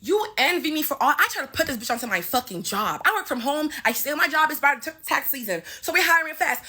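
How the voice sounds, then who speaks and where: A woman's voice: high voice, very animated, fast talker, few pauses, bright, forceful tone. A woman in her twenties telling a heated, profane story-time rant at home, stuttering as she talks. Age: 20s. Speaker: vlogger. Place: home bathroom, indoors.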